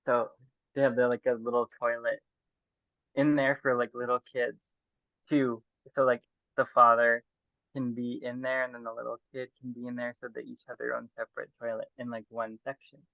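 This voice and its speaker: A man's voice: mid-range voice, little pitch movement, normal speed, gravelly, no room sound. A man in a casual, reflective monologue, rambling earnestly and heartfelt, filling each phrase with "like". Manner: rambling, fills every phrase with "like"; earnest and heartfelt, soft-spoken. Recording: tinny dry phone-like audio.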